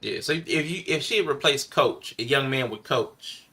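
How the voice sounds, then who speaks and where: A man with a bright, forward voice guides a casual podcast conversation. He asks questions and tosses out short agreeing replies. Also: medium pitch, animated, normal speed. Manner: interviewer-like, asks follow-up questions. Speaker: podcast co-host. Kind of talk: casual chat.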